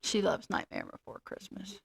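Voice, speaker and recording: A middle-aged woman co-hosting a casual chat, telling rambling, self-deprecating stories. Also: moderate pace. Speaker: co-host.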